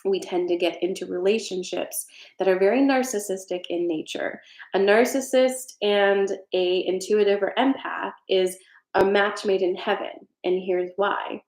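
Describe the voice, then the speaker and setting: A woman's voice: medium pitch, a little slow, darkish tone, echoey room. A woman doing a casual tarot reading on a live stream, earnest and reassuring, with some frank swearing. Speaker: tarot reader.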